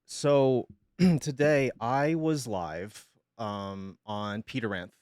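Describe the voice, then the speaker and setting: A male streamer, sick with pneumonia, making an emotional announcement in a halting, hesitant way and holding back tears. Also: mid-range voice, fairly even intonation, a little mellow, clear, resonant tone, no room sound, studio quality.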